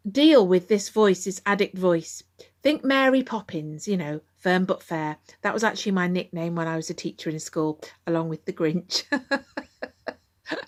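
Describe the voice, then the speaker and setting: A middle-aged woman with a candid, conversational manner, talking to listeners as the host of a recovery podcast. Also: fairly low pitch. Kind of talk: podcast monologue.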